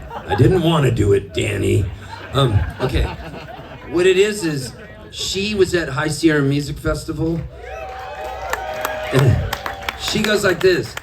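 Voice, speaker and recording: A man telling stories between songs at a live show, animated and self-mocking, often laughing as he talks. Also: fairly high pitch, unhurried, vocal fry, long pauses. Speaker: singer-songwriter telling stories on stage. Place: live music venue with an audience. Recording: distant live room recording with crowd. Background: audience and ambient noise.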